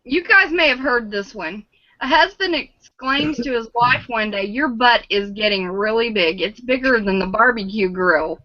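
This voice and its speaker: A woman's voice: fairly high pitch, moderate pace, no room sound, lo-fi sound. A woman in a casual online group chat, telling a joke in a narrating tone. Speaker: chat show regular.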